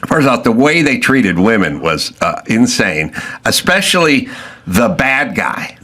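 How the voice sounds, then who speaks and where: Brief: co-host, male, rambling and animated, bright voice. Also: mid-range voice, unhurried. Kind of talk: casual podcast chat.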